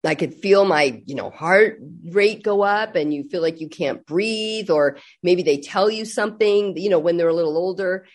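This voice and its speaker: Older woman telling lively family stories. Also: fairly low pitch, moderate pace, hardly any pauses. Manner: animated storyteller acting out quotes. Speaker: guest. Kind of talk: casual chat.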